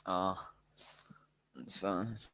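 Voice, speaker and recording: A man's voice: sits low, animated, extremely slow, bright, forceful tone, no echo. An Australian man chatting over a voice call, distracted and mumbling while he plays. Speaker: friend on voice call. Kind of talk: casual chat over voice call.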